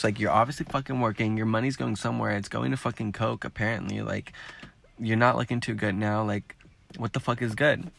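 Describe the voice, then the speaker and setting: A man's voice: fairly low pitch, steady tone, brisk, creaky, fairly bright tone, a little hiss or hum. A man hosting a podcast, talking frankly in a casual, rambling way with lots of swearing. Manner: frank and heavily profane; rambling with many fillers. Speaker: podcast host.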